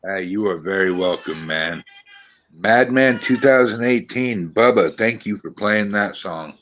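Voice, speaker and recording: A man hosting a casual online show talks slowly and easily, swearing here and there. His voice comes through a dull, lo-fi recording. He closes out the show in a drawn-out way. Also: lowish voice, a bit bright, a little hiss or hum. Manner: laid-back, swearing, drawn-out sign-off. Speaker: podcast host. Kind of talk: casual chat, show sign-off. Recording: dull lo-fi sound.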